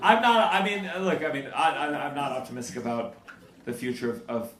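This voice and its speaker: A man doing stand-up crowd work, stammering through restarts before loud punchlines. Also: medium pitch, fairly quick. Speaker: stand-up comedian. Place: live comedy club with audience. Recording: roomy live club, crowd noise. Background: audience laughter.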